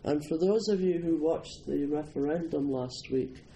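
A man's voice: fairly high pitch, normal speed, mellow, a little hiss or hum, low-quality recording. A Scottish man from Scotland giving an informal, humorous Buddhist talk, telling stories and often chuckling. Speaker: Buddhist teacher.

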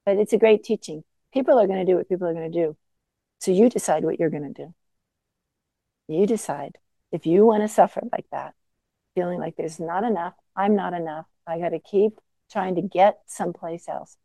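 A woman meditation teacher giving a gentle, conversational dharma talk with self-deprecating asides. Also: on the low side, moderate pace, gravelly, dry recording, rough recording.

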